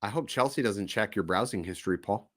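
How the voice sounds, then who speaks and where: A man hosting a casual live-stream chat, telling stories in a loose, profane, animated way. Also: lowish voice, a little fast, dry recording, clean studio sound. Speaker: podcast host.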